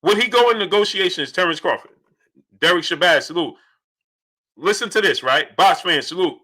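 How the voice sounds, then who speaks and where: A man hosting a boxing livestream, asking rhetorical questions over and over and giving shout-outs to the viewers in the chat. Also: high-pitched, expressive, normal speed. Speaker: boxing channel host. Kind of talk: livestream commentary, reading chat.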